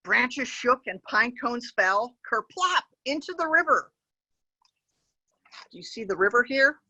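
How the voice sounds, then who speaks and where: A woman reading a picture book aloud to children as a park educator, gently pointing to the pictures and adding animal sound effects. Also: fairly high pitch, animated, unhurried, slightly rough, dry recording, low-quality recording.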